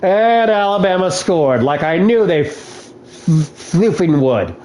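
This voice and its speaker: A man playing a football video game and commentating his plays, given to shouting at the game. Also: high-pitched, sing-song, takes it slowly, reverberant. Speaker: gaming video host.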